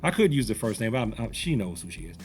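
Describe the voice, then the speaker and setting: Animated man telling a story. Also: fairly low pitch, quick pace, faint music behind. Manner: animated, conversational, rambling. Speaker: martial arts instructor. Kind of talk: storytelling commentary.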